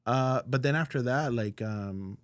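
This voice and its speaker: A man, a guest in an interview, telling relaxed anecdotes full of fillers in casual conversation. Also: medium pitch, measured pace, no room sound. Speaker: audio engineer guest.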